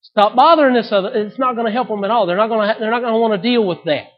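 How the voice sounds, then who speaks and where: High-pitched male preacher, dramatic loud-to-soft delivery, dull recording. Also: rapid-fire. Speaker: pastor. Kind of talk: sermon.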